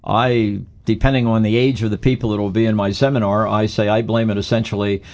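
Fairly low and darkish, this man's voice comes out flat and a little fast. He's a speaking coach giving conversational interview answers, explaining things emphatically and offering pointers.

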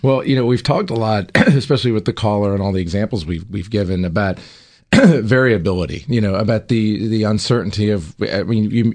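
A man's voice: lowish voice, darkish tone. A man co-hosting a radio advice show, explaining retirement savings in an easygoing way. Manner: explanatory, easygoing, laughs readily. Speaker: radio co-host, retirement planner.

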